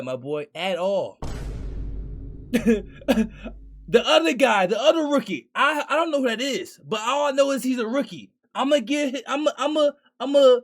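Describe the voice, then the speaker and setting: High-voiced young guy doing a football reaction, slangy, ranting, loud bursts. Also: creaky. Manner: excitable, ranting, slangy, often shouting. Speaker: sports reaction host. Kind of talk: animated sports reaction commentary.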